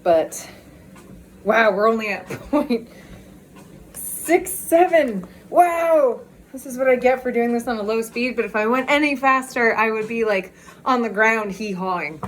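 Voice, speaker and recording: A woman's voice: fairly high pitch, normal speed. Woman, out of breath, walking vlog, bubbly, laughs a lot, phone mic, faint outdoor noise. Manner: bubbly, laughs often, excitable. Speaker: vlogger. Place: outdoors on a walk.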